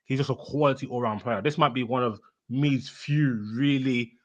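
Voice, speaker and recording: A man co-hosting a casual podcast, giving animated football analysis. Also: mid-range voice, normal speed, highs cut off. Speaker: podcast co-host. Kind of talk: casual chat.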